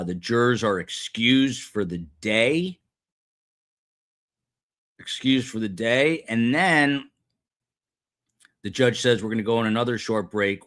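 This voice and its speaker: A man's voice: lowish voice, a bit bright. A man hosting live commentary, recapping a trial day in a conversational, questioning way.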